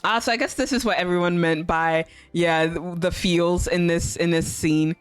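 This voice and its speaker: A woman's voice: on the low side, fairly even intonation, moderate pace, clean tone, no echo, faint music behind. A young woman streaming a visual novel, reading it aloud and chatting in a giggly, gushing way.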